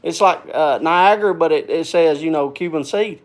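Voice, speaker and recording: High-voiced, rambling man chatting to viewers. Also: moderate pace. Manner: rambling, repeats himself, folksy; gets worked up then calms. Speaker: host of a live stream. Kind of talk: casual live-stream chat.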